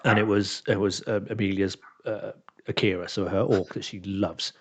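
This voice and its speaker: A man's voice: on the low side, moderate pace, breathy edge. A man, a dungeon master and podcast co-host, chatting casually and animatedly acting out what his players said. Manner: animated storyteller who acts out what players said. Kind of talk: casual chat, telling a game story. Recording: dull lo-fi recording.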